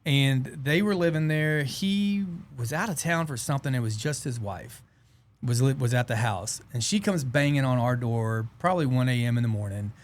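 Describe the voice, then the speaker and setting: A man's voice: mid-range voice, normal speed. A man from Southeast Texas, hosting a casual music podcast and telling folksy stories with easy laughs. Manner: folksy storyteller, laughs easily. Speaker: podcast host. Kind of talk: casual interview chat.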